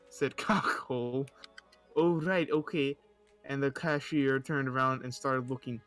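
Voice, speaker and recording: A man's voice: medium pitch, a bit bright. A young man casually reading stories aloud, stumbling over words and often breaking into laughter and mocking asides.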